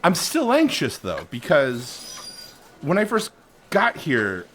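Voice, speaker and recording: A man's voice: on the high side, wildly swooping pitch, takes it slowly, a bit bright, slight background noise. A man co-hosting a podcast, talking hesitantly with many ums in an improv comedy sketch. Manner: hesitant, stammering, lots of ums. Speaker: podcast co-host.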